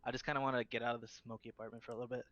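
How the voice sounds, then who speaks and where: A man with a middle-pitched voice, speaking hesitantly and restarting his phrases. His audio is dull and lo-fi. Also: little pitch movement, a bit bright. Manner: hesitant, halting. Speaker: podcast co-host. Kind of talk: casual chat.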